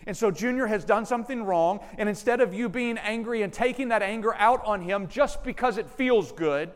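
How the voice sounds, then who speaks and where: Guy preaching, kinda high voice, big echoey church hall. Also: moderate pace, hardly any pauses. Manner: animated preaching, acts out family members' lines. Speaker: pastor. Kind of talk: sermon. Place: church sanctuary.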